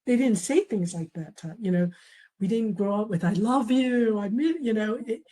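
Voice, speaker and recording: A woman's voice: mid-range voice, normal speed, dark tone, low-quality recording. A middle-aged woman, a memoir author, telling family stories in a conversational interview and often laughing as she quotes relatives. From raised in a traditional Chinese family.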